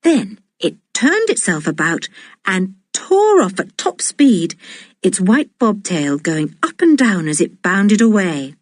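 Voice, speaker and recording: A woman reading a children's adventure audiobook aloud in a slow, deliberate and expressive way. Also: mid-range voice, no room sound, clean studio sound. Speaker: audiobook reader. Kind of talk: storybook narration.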